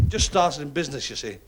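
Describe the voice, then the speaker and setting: A man works through stand-up jokes in a chatty, easygoing way, chuckling at his own punchlines and slipping into the characters' voices. His voice sits a little high. It comes from a 1970s television club stage. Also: very animated, moderate pace. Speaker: stand-up comedian. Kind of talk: stand-up joke telling.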